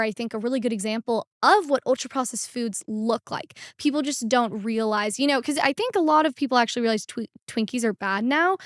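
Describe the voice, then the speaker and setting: A teenage girl talking as a podcast guest in a quick, earnest, upbeat way. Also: a little high, dry recording, studio quality. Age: teens. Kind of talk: podcast interview.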